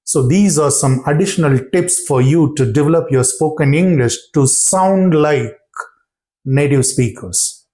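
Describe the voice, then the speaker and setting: A male English teacher giving a lesson in a slightly raised, mellow voice. He speaks slowly and deliberately, pausing between phrases, and keeps checking in with his students with brief questions and words of praise. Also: on the high side. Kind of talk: online spoken-English lesson.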